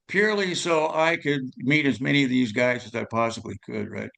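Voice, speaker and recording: Gravelly older man telling stories. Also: mid-range voice, fairly quick, hardly any pauses, a bit bright. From California, USA. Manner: rambling, tag questions, many fillers. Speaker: guest musician. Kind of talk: storytelling interview.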